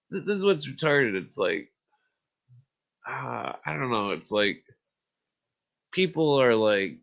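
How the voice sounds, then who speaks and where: A man hosting a podcast, ranting in a rambling, profane monologue full of fillers and short laughs. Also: mid-range voice. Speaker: podcast host. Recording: dull lo-fi audio.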